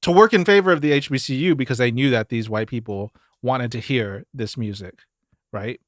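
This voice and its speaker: A man from Mississippi, a guest singer in a casual podcast talk, telling lively stories and acting out the people he quotes. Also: mid-range voice, normal speed, no room sound, studio quality. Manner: animated storyteller, acts out quoted voices.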